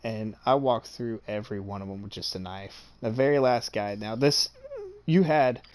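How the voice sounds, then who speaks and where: A man with a somewhat low voice tells a story in a loose, chatty way. He swears freely and sounds pleased with himself. He keeps checking in with his listener as he goes. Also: normal speed, a little mellow, clear, resonant tone. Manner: boastful and amused. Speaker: streamer. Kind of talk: casual storytelling.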